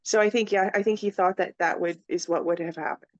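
A woman's voice: mid-range voice, steady tone, fairly quick, dry recording, dull audio. A woman co-hosting a film podcast, chatting casually and hesitantly, trailing off with "um"s. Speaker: podcast co-host.

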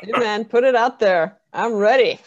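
A woman from Canada, a horror filmmaker, chatting in a relaxed, joking way during an interview on a video call. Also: a little high, normal speed, muffled recording. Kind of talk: casual interview chat.

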